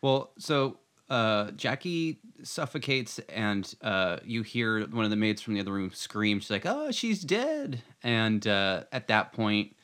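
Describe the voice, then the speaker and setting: A man's voice: fairly low pitch, measured pace, hardly any pauses, fairly bright tone, clear, resonant tone. A man co-hosting a casual chat about a TV episode, joking and laughing as he retells scenes. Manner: joking, laughs often, jumps into quoted voices. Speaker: podcast co-host.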